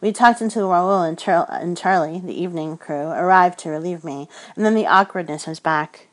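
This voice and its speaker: A woman narrating a first-person romance audiobook in a soft, intimate storytelling manner. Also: lowish voice, moderate pace, low-quality recording.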